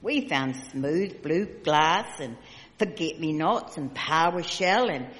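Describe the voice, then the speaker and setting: A woman reading a children's picture book aloud, expressive and unhurried. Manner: expressive, slow storytelling with lively pitch. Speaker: storyteller. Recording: echoey hall reverb.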